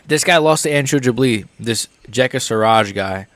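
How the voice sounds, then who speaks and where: A man's voice: mid-range voice, lively intonation, moderate pace, a bit bright, no room sound. A young American man hosting a live stream, reacting to fights in a rambling, casual, jokey way.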